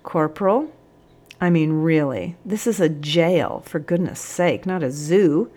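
A woman's voice: sits low, measured pace, mellow. A woman voicing a weary, exasperated male jail captain in a spoken story. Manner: exasperated, groaning.

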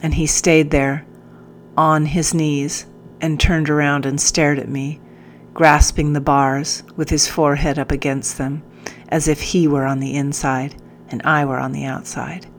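A woman narrating a first-person audiobook in a measured, earnest way. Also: low-pitched, flat delivery, slight background noise.

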